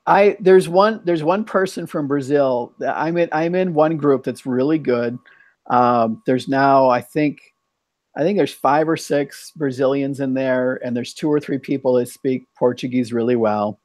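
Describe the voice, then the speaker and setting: A man's voice: medium pitch, fairly even intonation, a little slow, darkish tone, no echo. Rambling, chatty man hosting. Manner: rambling, thinks aloud. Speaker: host. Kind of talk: casual bilingual chat.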